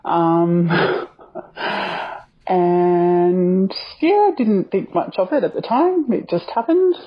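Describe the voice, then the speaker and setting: A woman's voice: on the low side, dull audio. A woman caller leaving a hesitant voice message with an altered voice, full of fillers. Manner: slow, hesitant, many fillers. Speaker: caller confessing a secret. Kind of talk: recorded voice message.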